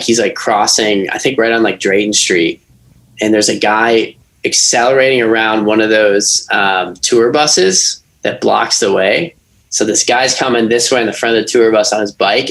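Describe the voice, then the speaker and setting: Laid-back young man with a gravelly low voice. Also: a bit bright. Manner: laid-back, says "dude" and "like" a lot. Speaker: podcast co-host. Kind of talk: casual chat.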